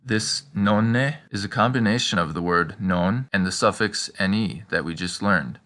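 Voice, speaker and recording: Male teacher for a scripted lesson, bright and forceful tone, slows down for the examples. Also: fairly low pitch. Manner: prompting the listener with questions and pauses. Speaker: language teacher.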